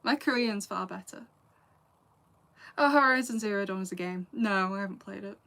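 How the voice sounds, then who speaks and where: A woman in her late twenties, a YouTuber from England, casually answers her live chat, laughing often and making asides. She speaks at a normal pace with a medium pitch, vocal fry and a sharp tone. Her accent is Lancashire English with a slight Scouse edge.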